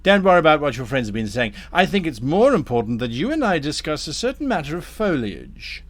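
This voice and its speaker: A man voicing a smooth, scheming male devil dealmaker who talks with polite, silky menace. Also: fairly high pitch, sing-song, fairly quick, fairly bright tone, dry recording, pitched above the performer's own voice.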